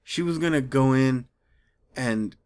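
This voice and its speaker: A man vlogging about comics in an exasperated, animated rant, rambling and mocking as he goes. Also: mid-range voice, measured pace, clear, resonant tone. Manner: rambling with frequent restarts. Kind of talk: casual ranting commentary.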